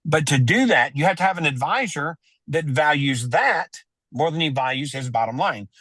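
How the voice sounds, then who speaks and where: Animated storytelling man, higher voice. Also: normal speed, no room sound. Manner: animated storyteller, acts out quoted dialogue. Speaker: wealth adviser, guest. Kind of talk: storytelling in a podcast interview.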